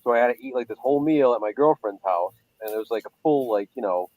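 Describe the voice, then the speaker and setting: A man's voice: mid-range voice, expressive, fast, darkish tone, no room sound, poor audio. A man in his thirties chatting casually, telling rambling stories and crude jokes. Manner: crude joking, rambling storyteller. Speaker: podcast co-host. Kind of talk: casual chat.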